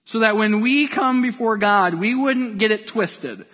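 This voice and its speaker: A man's voice: high voice, unhurried, fairly bright tone. Man, pastor, casual sermon, acts out quoted voices, reverberant hall.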